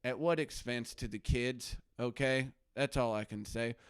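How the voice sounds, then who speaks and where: A man playing a blustering, paranoid male anti-drug crusader doctor who hosts a live stream from his basement, ranting between mutters and shouts. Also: medium pitch, fairly even intonation, measured pace, smooth, dry recording, clean studio sound, close to an everyday voice. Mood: outraged. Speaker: comedy show host. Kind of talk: satirical character live stream. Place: home basement.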